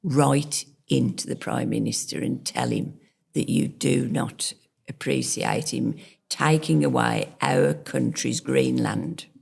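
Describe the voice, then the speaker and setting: A woman's voice: very deep voice, slow pace, creaky, darkish tone, breathy edge. A woman, a local campaigner, speaking firmly and directly in a podcast interview.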